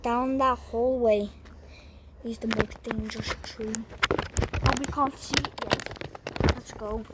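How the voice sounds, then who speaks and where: A woman's voice: on the high side, fairly even intonation, takes it slowly, pauses often. A woman playing a brash, bumbling Australian male nature explorer in a comic mock nature show, in an Australian accent, stumbling over words and calling everyone "mate". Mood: boastful. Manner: says "mate" constantly, stumbling restarts, boastful. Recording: loud background noise.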